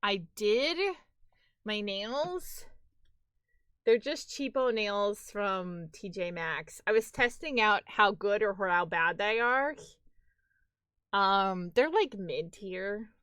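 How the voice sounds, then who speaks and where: A woman's voice: medium pitch, animated, takes it slowly, fairly bright tone, smooth, no room sound, clean studio sound. A woman with a Brooklyn-tinged New York accent, chatting casually and animatedly with viewers as a live streamer, full of "like" and the odd swear. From near New York City. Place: home.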